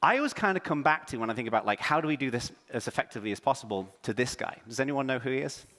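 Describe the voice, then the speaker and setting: A man from England with a half-English, half-American accent, giving a joking, self-deprecating, energetic conference keynote on stage. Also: mid-range voice, racing, in a large hall. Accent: English with American influence. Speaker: keynote speaker. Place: large conference hall on stage.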